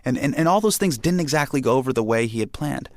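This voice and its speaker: A young adult man telling a personal story in an animated way, acting out the voices of his family. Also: medium pitch, quick pace, dry recording.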